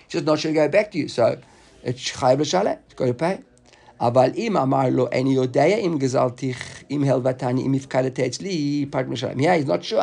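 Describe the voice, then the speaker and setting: A man's voice: mid-range voice, a little fast, gravelly, darkish tone, breathy edge. A man giving an informal Talmud lesson, explaining the text in a loose, chatty way and often repeating words as he thinks aloud. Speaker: Talmud teacher.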